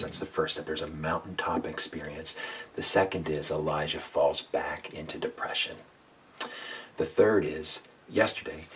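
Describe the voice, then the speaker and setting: Man, pastor, deep voice, earnest sermon, slightly distant home recording. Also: breathy edge. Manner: earnest, asks listeners to repeat lines aloud, drops to a whisper for God's voice. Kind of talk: devotional sermon. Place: home room with a window. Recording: slightly distant mic, faint background noise.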